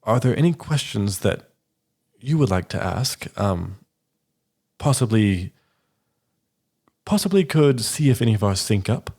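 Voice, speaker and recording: A man's voice: lowish voice, big pitch swings, a little slow, long pauses, a little mellow, heavily acted. A man voicing a middle-aged female gnome sorcerer who asks polite, hesitant questions. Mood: curious.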